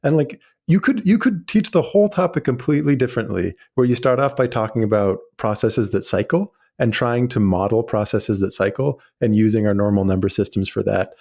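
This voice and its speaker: A man's voice: fairly low pitch, brisk, gravelly, hardly any pauses, a little mellow. A man, a guest mathematician, explaining ideas eagerly in casual chat with frequent fillers.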